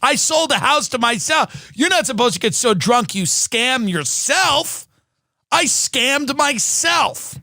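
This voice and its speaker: A man's voice: extremely high pitch, sing-song, measured pace, hardly any pauses, sharp tone, dry recording. A man doing a profane, sarcastic comedic rant, mocking and swearing as he goes.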